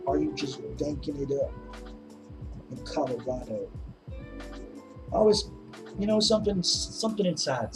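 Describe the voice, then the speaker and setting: A man's voice: medium pitch, low-quality recording. A middle-aged man hosting a casual painting livestream, rambling in a laid-back way with lots of "man" and "dude" and plenty of swearing. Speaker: livestream host. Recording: music playing behind the voice.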